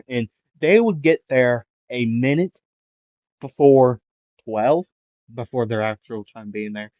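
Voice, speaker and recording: A man's voice: mid-range voice, no room sound, lo-fi sound. A man improvising a fan fiction story in a rambling way, full of fillers.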